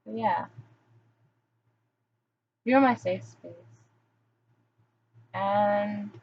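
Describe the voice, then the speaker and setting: A woman's voice: mid-range voice, drawn-out words, creaky, husky. A young adult woman talking candidly in a rambling, confessional vlog monologue, full of "like" and restarts. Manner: rambling, candid, heavy use of "like". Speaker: vlogger. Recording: dull lo-fi recording.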